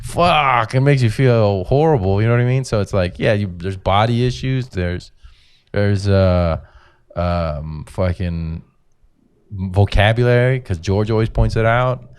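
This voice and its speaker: A man in his forties speaks as a comedian guest on a podcast, with a low voice and a dry, close sound. His storytelling is loose and profane, and he keeps jumping into exaggerated voices when he quotes people. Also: a little slow, a little mellow, clear, resonant tone, dry recording. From Mexican-American. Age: 40s. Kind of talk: casual podcast chat.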